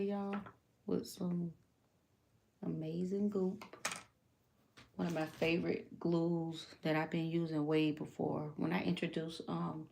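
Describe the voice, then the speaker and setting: A woman's voice: fairly low pitch, creaky, mellow. A woman livestreaming a craft session, chatting casually with viewers as she works. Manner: chatty, talks while working, addresses viewers as y'all.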